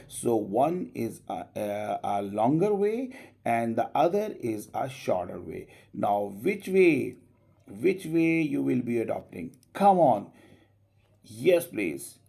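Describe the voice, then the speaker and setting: A male teacher leads a pronunciation class, stretching out each sound and nudging students to answer and repeat after him. His pitch swings widely from word to word, and his slow delivery has a gravelly edge. He is a native Urdu speaker teaching in English. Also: warm tone. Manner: slow, drawn-out modeling of sounds, coaxing students with "come on, please".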